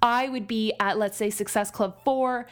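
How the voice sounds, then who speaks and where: Fast-talking energetic woman coach. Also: on the high side. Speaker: business coach. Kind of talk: coaching podcast talk.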